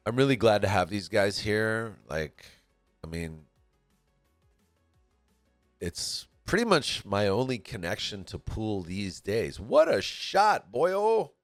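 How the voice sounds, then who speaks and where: A man's voice: on the low side, expressive, slow pace, long pauses, a bit bright, no echo, faint music behind. A man from California giving laid-back, chatty commentary on a pool match, often laughing as he talks. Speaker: stream commentator.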